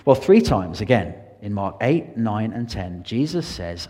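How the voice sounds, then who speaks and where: A man's voice: on the low side, big pitch swings, measured pace, few pauses, a little mellow, in a large hall. A man preaching an earnest sermon in a church, his voice rising and falling for emphasis.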